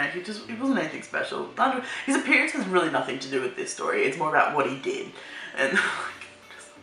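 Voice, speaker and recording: A young woman tells a casual storytime to her vlog audience in an exasperated, animated way, laughing often. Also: on the low side. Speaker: vlogger. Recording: echoey room, voice somewhat off-mic, faint music.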